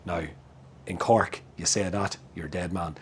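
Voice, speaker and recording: Low-voiced Northern Irish man, chatty. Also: steady tone, measured pace, a little hiss or hum. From Northern Ireland. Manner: chatty, laughs often. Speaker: beer reviewer. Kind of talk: casual chat review. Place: outdoors in a backyard.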